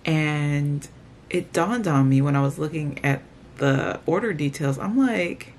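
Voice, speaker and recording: A woman's voice: sits low, unhurried, a little mellow, a little hiss or hum. A woman vlogger chatting casually to her viewers, ranting with exasperation. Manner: talks straight to viewers.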